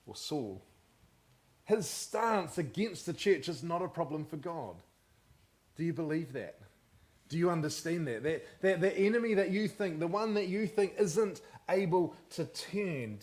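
A man preaching a sermon as pastor, often asking the congregation questions. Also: fairly high pitch. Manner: animated, asks the congregation questions.

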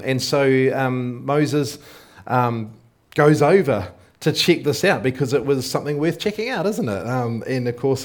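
Speaking in a mid-range voice, a male preacher talks through his sermon casually, tossing rhetorical questions to the congregation to keep them engaged. The delivery feels unscripted, with fillers and false starts as he works out his thoughts.

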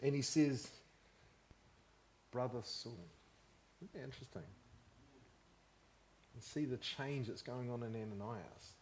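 A man's voice: mid-range voice, normal speed, pauses often, a little hiss or hum. A man preaching a sermon as pastor, often asking the congregation questions. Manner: animated, asks the congregation questions.

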